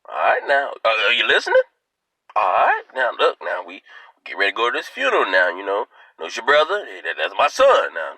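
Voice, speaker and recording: A man's voice: medium pitch, bright, forceful tone, dry recording, full character voice, poor audio. A man voicing his old grandfather, who scolds and coaxes his grown daughter and keeps repeating "now".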